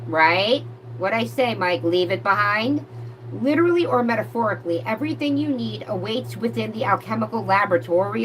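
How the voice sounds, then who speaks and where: A woman giving a live tarot reading, reading cards aloud and breaking off into excited, profane outbursts. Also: mid-range voice, fairly quick, slight background noise, poor audio. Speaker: tarot reader.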